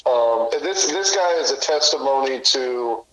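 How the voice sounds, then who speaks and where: A man's voice: mid-range voice, expressive, normal speed, a bit bright. A man co-hosting a podcast, dropping short, crude jokes into casual banter. His voice rings around a roomy, echoing space. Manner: short joking interjections, crude humor. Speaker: podcast co-host. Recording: echoey room.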